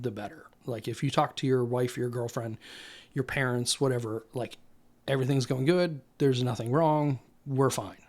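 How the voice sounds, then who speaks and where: A young man, a Marine veteran, recounting his deployment in a candid, rambling way, full of fillers and acted-out dialogue. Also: medium pitch. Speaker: Marine infantry veteran guest. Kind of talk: casual storytelling interview.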